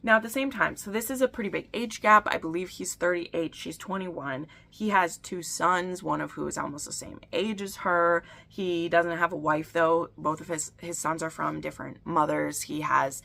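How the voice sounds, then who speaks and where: Chatty woman with a gravelly edge. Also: on the low side, moderate pace, few pauses, bright, forceful tone. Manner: rambling, full of "like" and asides. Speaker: book reviewer. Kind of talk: casual book recap chat.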